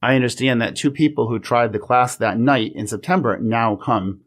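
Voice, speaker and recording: A man co-hosting a library podcast, chatty and playful, reading a poem aloud in measured lines. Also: medium pitch. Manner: playful, reads his own poem aloud slowly. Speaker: podcast co-host. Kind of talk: casual podcast chat.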